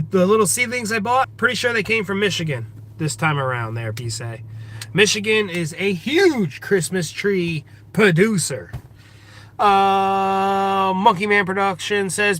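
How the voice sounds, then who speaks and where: A man's voice: high voice, animated, unhurried, a bit bright. A man hosting a casual livestream outdoors in a forest, reading viewer comments aloud and greeting each viewer by name. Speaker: livestream host.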